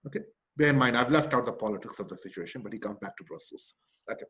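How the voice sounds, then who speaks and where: A man's voice: mid-range voice, fast, a bit bright. A male lecturer giving a literature lecture. He speaks with emphasis, asks rhetorical questions, often checks in with "okay?", and restarts some phrases while he thinks.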